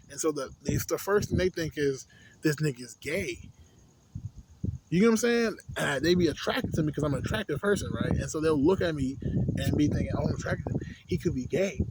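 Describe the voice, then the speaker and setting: A young adult man venting in a casual vlog, profane and full of street slang. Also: a little high. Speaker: vlogger. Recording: loud background noise.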